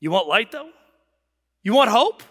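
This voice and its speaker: High, bright-voiced man preaching in a reverberant hall. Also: big pitch swings, measured pace. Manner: conversational and digressive, with sudden emphatic rises. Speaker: pastor. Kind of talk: sermon. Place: church sanctuary.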